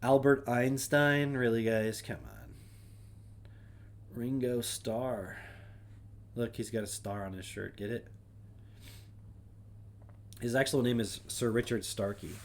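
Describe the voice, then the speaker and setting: A man's voice: mid-range voice, lively intonation, slow, pauses often, slight background noise. A man chatting casually on his own stream, with a mid-range voice. He reads through a list in a wry, offhand way and mutters dry asides under his breath. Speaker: streamer host. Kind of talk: casual solo chat, reading names aloud.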